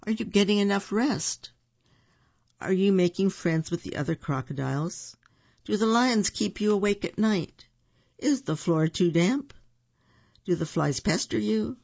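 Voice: mid-range voice, animated, unhurried, few pauses, darkish tone, no room sound, muffled recording. A storybook reader voicing a worried woman who has lost her crocodile, speaking in a raised, anxious voice. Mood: fretful.

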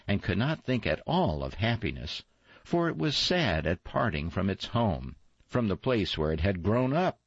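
A man reading a fairy tale aloud in a slow, expressive storytelling manner. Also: sits low, breathy edge, dry recording. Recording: dull lo-fi, dry.

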